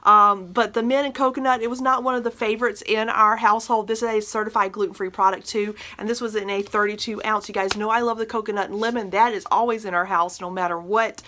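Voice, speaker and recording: A woman's voice: mid-range voice, steady tone, fast, few pauses, sharp tone. A middle-aged woman from northern Minnesota chatting casually through an honest product review, full of fillers and restarts. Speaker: beauty and household product vlogger.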